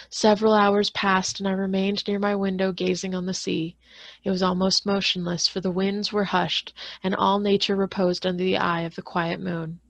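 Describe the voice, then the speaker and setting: A woman librarian reading a classic novel aloud in a steady manner, occasionally restarting on hard words. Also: mid-range voice, creaky, no echo. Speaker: school librarian.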